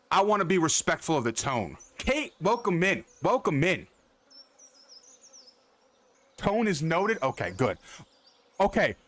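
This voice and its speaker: Young guy streamer, kinda high voice, rambles and swears a lot, greets chat by name. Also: a bit bright. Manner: loose, rambling, swears freely, repeats himself; addresses viewers by name. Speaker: livestream host. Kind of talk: casual chat with live chat.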